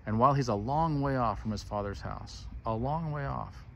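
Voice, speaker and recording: A man's voice: mid-range voice, moderate pace, creaky, a little hiss or hum. A man retelling a Bible parable in a casual, earnest way and acting out the characters' words. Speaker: preacher.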